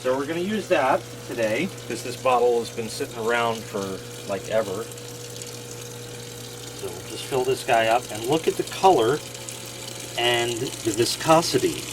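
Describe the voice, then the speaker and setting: Setting up washing machines for a laundry video, a man keeps the demonstration casual and full of jokes. He speaks at a moderate pace in a mid-range voice, and running water makes the recording noisy.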